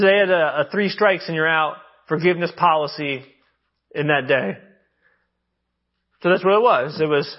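A man preaching a sermon, slightly high for a man, moving between a steady scripture reading and loose, conversational retellings with joking asides. The sound is dull and lo-fi. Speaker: pastor. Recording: muffled lo-fi sound.

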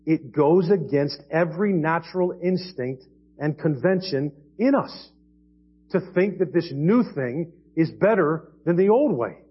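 A man preaching a sermon as pastor, earnest, swinging between quiet and emphatic passages. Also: fairly high pitch, expressive, measured pace, slightly rough. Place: church sanctuary. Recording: dull lo-fi church audio.

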